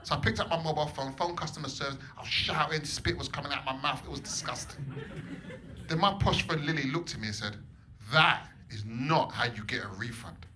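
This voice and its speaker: A man performing stand-up comedy in a comedy club, animated, swinging between loud bursts and low mutters. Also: fast talker. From England. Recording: live club set with audience noise. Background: audience laughter.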